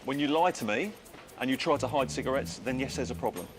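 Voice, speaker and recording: Stern customs officer, music behind. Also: male voice, medium pitch, quick pace. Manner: stern, persistent interrogating. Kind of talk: questioning on a documentary. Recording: TV documentary with music under it.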